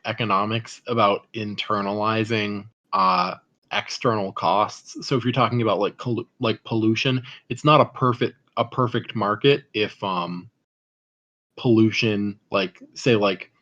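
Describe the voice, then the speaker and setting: A young man co-hosting a podcast, chatting casually in a rambling, deadpan way full of "like". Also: lowish voice, muffled recording. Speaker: podcast co-host. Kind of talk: casual chat.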